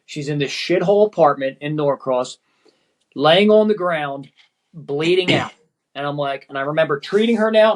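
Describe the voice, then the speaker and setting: A man's voice: a little high, low-quality recording. A middle-aged man, a former firefighter lieutenant, tells a personal story as a podcast guest in a rambling, profane way, often tagging sentences with "man".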